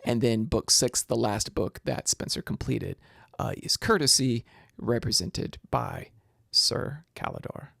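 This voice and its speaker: A man with a gravelly, creaky voice at a middle pitch, giving a recorded lecture on poetry. He explains patiently and in detail, often stopping to restart a phrase. The sound is close and dry, with no room echo. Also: measured pace, sharp tone. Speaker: literature lecturer.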